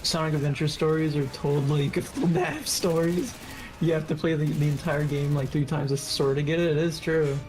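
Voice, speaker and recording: A man's voice: on the high side, moderate pace, over music. A man co-hosting a gaming stream, rambling casually with laughs and the odd curse. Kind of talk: casual gameplay chat.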